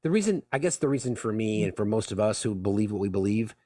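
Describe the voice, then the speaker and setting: A man hosting a live panel chat, talking earnestly with many halting restarts. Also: fairly low pitch, expressive, warm tone, no room sound, clean studio sound. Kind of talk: casual live-stream chat.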